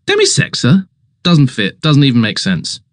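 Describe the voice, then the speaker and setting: A man voicing an excitable, cheerfully dim young English gentleman, plummy and exclamatory. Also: on the high side, moderate pace, dry recording, studio quality, pitched above the performer's own voice.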